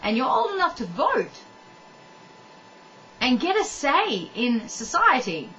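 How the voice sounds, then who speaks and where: Blunt, high-voiced ranting woman. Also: wildly swooping pitch, slow, pushed and bright, muffled recording, slight background noise. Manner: blunt, heated, addresses the viewer, swears. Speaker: vlogger. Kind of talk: ranting monologue.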